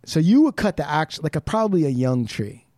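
A man from the Pacific Northwest US rambles through casual podcast chat, peppered with "like" and swearing. His voice sits a little high, recorded close and dry with no room sound. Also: very animated, brisk, mellow, no room sound. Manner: rambling, profane, full of "like". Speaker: podcast guest.

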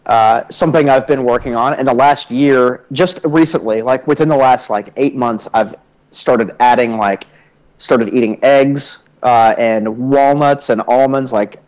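A man's voice: mid-range voice, a little slow, a little mellow, low-quality recording. A young man co-hosting a podcast, telling self-deprecating stories in a rambling way with lots of fillers. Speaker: podcast co-host. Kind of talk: casual chat.

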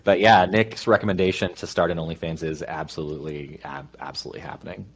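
A man's voice: deep voice, steady tone, fast talker, husky. A man co-hosting a podcast in casual chat, joking and self-mocking, laughing often. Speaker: podcast co-host.

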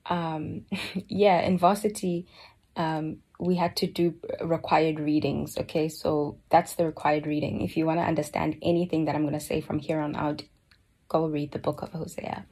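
A woman giving a slow, earnest personal reflection on a Bible book, often dropping to a soft near-whisper. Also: low voice, flat delivery, husky. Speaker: Bible study speaker.

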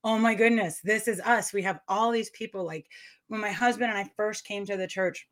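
Woman, middle-aged, interview guest, excitable, rambling, laughs often. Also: mid-range voice, moderate pace. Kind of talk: conversational interview.

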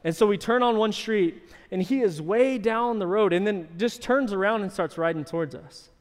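A man delivers a sermon from the pulpit, telling a story with animated energy. His voice sits a little high. Long reverb from the church sanctuary trails behind each phrase. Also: moderate pace. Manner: animated storytelling, shouting in acted quotes. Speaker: pastor.

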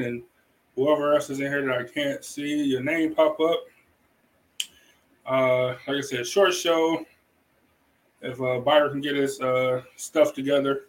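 A man's voice: on the high side, poor audio. Laid-back joking man hosting a podcast. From Cleveland, Ohio, USA. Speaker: podcast host. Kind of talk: casual chat.

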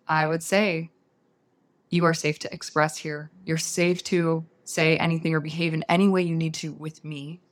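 A woman, a guest on an interview show, telling a personal story in a soft, unhurried, earnest way. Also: deep voice.

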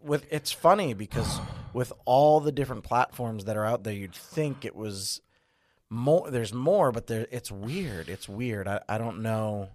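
A man's voice: medium pitch, a little slow, dry recording, studio quality. A man who is an actor guest on a podcast, talking casually in a reflective, loose and rambling way. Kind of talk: casual interview chat.

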